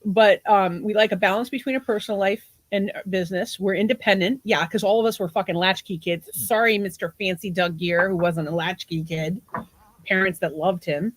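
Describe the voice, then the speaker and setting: A half-Portuguese woman in her forties co-hosts a podcast, chatting casually in a livestream with lots of laughter and some swearing. Her voice is medium in pitch, with a steady tone and moderate pace.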